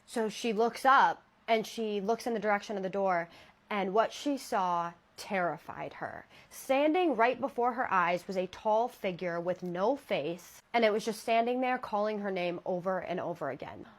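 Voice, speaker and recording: A woman's voice: medium pitch, expressive, moderate pace. Chatty woman telling scary stories. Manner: chatty, conversational, uses "like" and "she's like". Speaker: horror story narrator. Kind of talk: casual storytelling to viewers.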